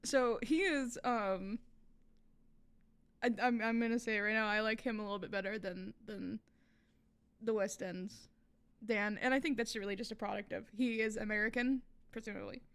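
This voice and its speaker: A woman's voice: mid-range voice, fairly even intonation, moderate pace, fairly bright tone, clear, resonant tone. A woman hosting a reaction video, talking casually with lots of fillers and restarts. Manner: chatty, many fillers and restarts.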